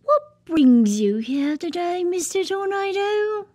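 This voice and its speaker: A woman voicing an eccentric cartoon therapist who speaks in a slow, breathy, drawn-out way. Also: extremely high pitch, very animated, a little mellow, dry recording, clean studio sound, exaggerated voice. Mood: calm. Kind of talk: cartoon voice acting.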